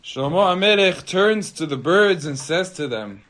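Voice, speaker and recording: Rabbi retelling an old story. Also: male voice, high-pitched, lively intonation, measured pace, fairly bright tone. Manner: conversational, with fillers and restarts. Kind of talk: Torah class storytelling.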